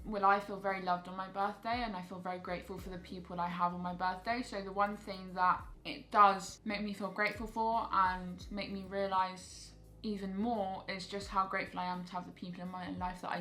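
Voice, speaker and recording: A woman's voice: mid-range voice, sharp tone. A woman in her late teens chatting casually to camera in a Q&A vlog, with lots of "like" fillers. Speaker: YouTuber.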